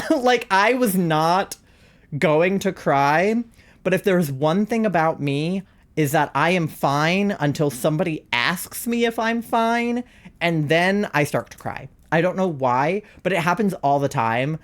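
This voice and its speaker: Young streamer just chatting w/ viewers, says like a lot, laughs a bunch, mid pitch. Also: animated, unhurried. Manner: chatty, heavy use of "like", frequent laughter. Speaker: live streamer. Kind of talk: casual storytelling to chat.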